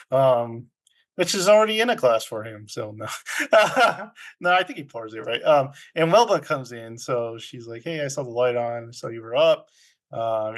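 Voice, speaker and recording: Laid-back man recapping a film. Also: medium pitch. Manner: rambling retelling with filler ums and laughs. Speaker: podcast co-host. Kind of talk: casual movie recap chat.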